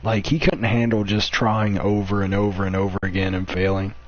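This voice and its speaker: A man's voice: fairly low pitch, level tone, brisk. A young man streaming and chatting with a friend, telling stories with lots of swearing and giggling. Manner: profane, giggly storytelling. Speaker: streamer reacting to old clips. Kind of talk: casual chat with a friend. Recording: dull lo-fi audio with faint hiss.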